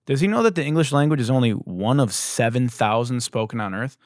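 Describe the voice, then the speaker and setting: A man rants through a comedy podcast monologue, spinning puns and swearing freely. His pitch leaps around animatedly and his voice has a slight hoarseness. The sound is dry and close, with no room around it. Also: fairly quick, no echo. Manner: riffing wordplay, profane, animated. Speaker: podcast host.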